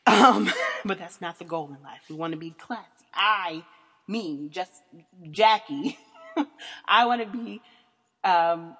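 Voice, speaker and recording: In a lowish, fairly bright voice, a podcast host in her thirties tells a blunt, crude story, laughing candidly. She speaks slowly with long pauses, and the audio has long reverb.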